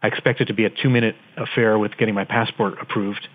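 A man's voice: lowish voice, steady tone, quick pace. Man telling a story over a tinny phone line. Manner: vivid, dramatic storyteller. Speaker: interview guest. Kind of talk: conversational storytelling. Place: office.

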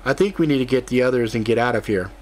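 This is a weary middle-aged male mage from a fantasy audiobook, voiced by the narrator himself. He answers in short, dry, matter-of-fact lines at a middling male pitch. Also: quick pace, a little hiss or hum, close to an everyday voice.

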